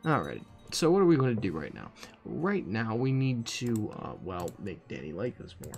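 A man's voice: on the low side, wildly swooping pitch, normal speed, gravelly, soft background music. A man giving casual, profane commentary while playing a strategy game, thinking aloud with dry asides. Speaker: gaming commentator. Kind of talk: casual let's-play commentary.

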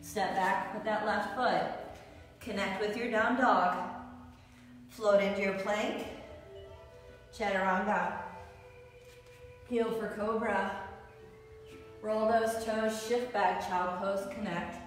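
A woman's voice: medium pitch, steady tone, slow, long pauses. Woman calling yoga cues, very echoey room. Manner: calls out short rhythmic pose cues, encouraging. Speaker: yoga instructor. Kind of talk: guided yoga class cues. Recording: distant echoey hall with faint music.

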